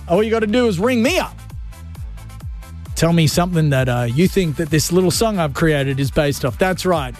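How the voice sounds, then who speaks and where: A man hosting a radio show, joking and talking in playful fast patter from his studio. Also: high voice. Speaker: radio host.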